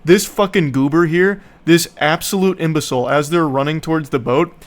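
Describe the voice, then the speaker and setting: A US streamer with a fairly high voice rants briskly about a movie. His casual review is sarcastic and profane.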